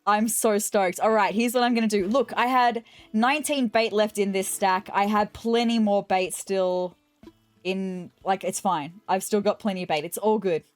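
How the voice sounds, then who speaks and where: A woman giving casual let's-play commentary, excitable and gushing, with apologetic asides. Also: mid-range voice, normal speed, no echo, soft background music. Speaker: gaming video host.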